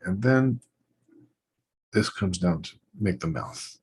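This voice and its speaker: Over poor audio, a man with a deep, slightly mellow voice and a breathy edge teaches how to write letters. Slow but animated, he thinks aloud through each stroke as he draws it, in short trailing phrases, relaxed and instructional.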